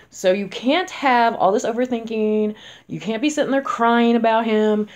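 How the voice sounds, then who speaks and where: A woman in her forties, a spellcaster, talking casually to camera in a chatty, emphatic way, going from loud to soft. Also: medium pitch, very animated, moderate pace. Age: 40s.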